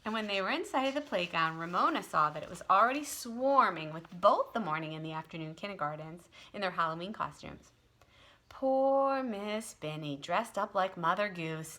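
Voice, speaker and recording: A woman tutor reading a children's storybook aloud in an expressive way. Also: medium pitch, normal speed. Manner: expressive, animated.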